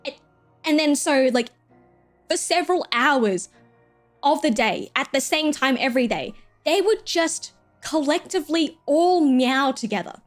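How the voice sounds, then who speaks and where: A woman's voice: sits high, expressive, unhurried, faint music behind. A young woman streamer chatting casually, rambling and giggling, swearing freely.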